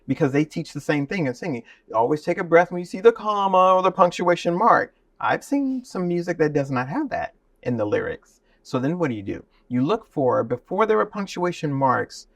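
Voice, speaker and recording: A man's voice: fairly high pitch, big pitch swings, brisk, few pauses, dry recording, distant mic. A man teaching speaking and singing in a guest conversation, illustrating points with sung and spoken examples. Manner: demonstrative, shifts into singing to illustrate.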